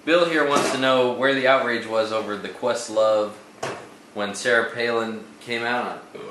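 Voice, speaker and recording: A man's voice: mid-range voice, steady tone, a little slow. A man co-hosting a casual podcast chat, blunt and provocative, with dry jokes. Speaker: podcast co-host. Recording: very echoey room with faint noise.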